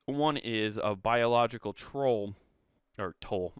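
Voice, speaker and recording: A man's voice: mid-range voice, slow pace, a bit bright, clean tone, no room sound, studio quality. A man hosting a comedic solo podcast, reading an article aloud and breaking off into irreverent, profane asides.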